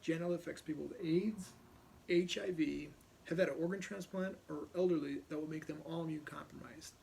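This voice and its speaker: A man's voice: fairly high pitch, gravelly, slight background noise. A middle-aged man from Ohio, a police officer, casually telling a personal story and animatedly acting out other people's lines.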